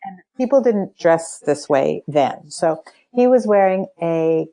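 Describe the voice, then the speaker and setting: An older woman, a spiritual coach appearing as a podcast guest, tells a personal story with energy, acting out the dialogue she quotes in a casual interview. Her voice is fairly low and unhurried, and the audio quality is poor.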